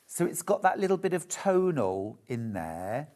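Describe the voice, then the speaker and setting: A man's voice: on the high side, very animated, unhurried, a little mellow. Chatty man selling fabric live. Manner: enthusiastic, chatty, gushing over fabrics. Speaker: shopping channel presenter. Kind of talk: live TV product demonstration. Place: TV shopping studio.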